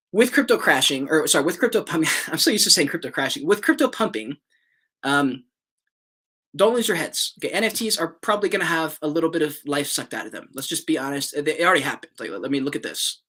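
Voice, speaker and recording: A man ranting casually in a vlog from a studio, rambling and excitable, with casual swearing and many restarts. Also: fairly high pitch, breathy edge. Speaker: crypto and NFT YouTuber.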